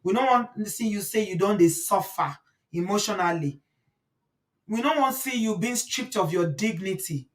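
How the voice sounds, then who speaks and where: A woman's voice: medium pitch, lively intonation, moderate pace. A woman with a Nigerian accent hosting a casual livestream, chatty and preachy, often breaking into laughter. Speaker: livestream host. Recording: voice a bit far from the mic.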